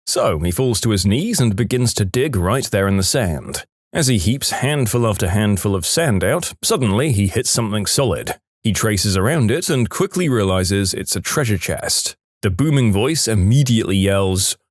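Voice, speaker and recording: A man with a low voice reads jokes aloud as a show host, his pitch swinging widely through each setup and punchline. The recording is close and dry. He breaks into laughter at his own punchlines. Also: animated, normal speed, no room sound. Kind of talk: joke compilation narration.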